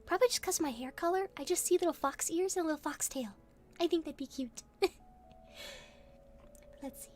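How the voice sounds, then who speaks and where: High-voiced young woman, soft ASMR reading. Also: fairly quick, pauses often, soft background music. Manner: gentle, giggly, softly spoken. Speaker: ASMR streamer.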